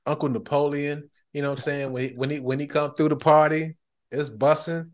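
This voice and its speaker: A man hosting a podcast in casual chat, animated and breaking into loud excited bursts. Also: fairly high pitch, brisk. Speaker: podcast host.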